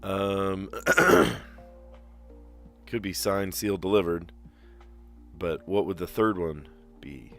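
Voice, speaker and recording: A man streaming a puzzle game, chatting casually and thinking aloud with fillers, clearing his throat now and then. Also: deep voice, takes it slowly, long pauses, fairly bright tone, faint music behind. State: slight cough, clearing throat. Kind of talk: casual live-stream chat while solving puzzles.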